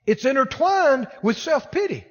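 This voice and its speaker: A man preaching a sermon to a congregation in a church auditorium. His voice sits very high and his pitch rises and falls with lively force as he hammers points home through repetition. The sound carries a long, ringing hall reverb. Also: normal speed. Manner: emphatic, repetitive preaching exhortation; addresses the congregation directly. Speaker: pastor.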